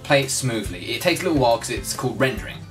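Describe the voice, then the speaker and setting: A young adult, ranting casually in a vlog with lots of swearing and sudden jumps toward shouting. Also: medium pitch, very fast, over music. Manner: animated, sweary ranting with big swings up to near-shouting. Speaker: vlogger.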